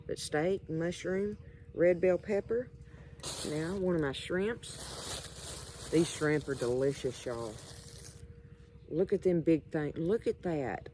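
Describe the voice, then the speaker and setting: A woman's voice: sits low, a little mellow. A woman hosting a casual cooking demonstration, chatty and folksy, talking straight to her viewers outdoors at night. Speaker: cooking show host.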